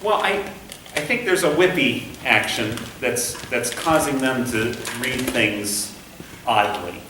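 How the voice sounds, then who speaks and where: A man coaching a conducting student in a patient, hands-on way, often singing syllables to show the beat. He is picked up from across an echoey rehearsal room. A faint hiss sits under his medium-pitched voice. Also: animated, takes it slowly, far from the mic. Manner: patient, demonstrative, sings syllables to show rhythm. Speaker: conducting instructor. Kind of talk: classroom coaching.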